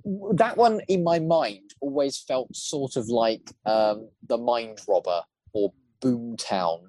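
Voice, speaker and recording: A voice actor and prop maker chats as a guest on a casual podcast, eager and rambling, often restarting sentences as his ideas tumble out. His mid-range voice is a little mellow with lively intonation and a slow pace, recorded with no echo.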